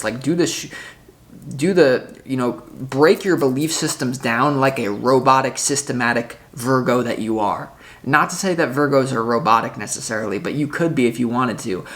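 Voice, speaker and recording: A man's voice: medium pitch, a bit bright. A man giving a solo tarot reading in a loose, rambling way, often correcting himself mid-sentence. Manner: rambling, self-correcting, spiritual talk. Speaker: tarot reader.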